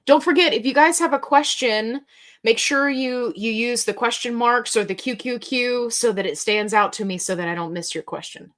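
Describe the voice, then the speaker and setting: A woman's voice: on the high side, moderate pace, a bit bright. A woman hosting a casual livestream Q&A, talking in a chatty, rambling, joking way with plenty of tangents. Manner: chatty, rambling, jokey storytelling. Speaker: host.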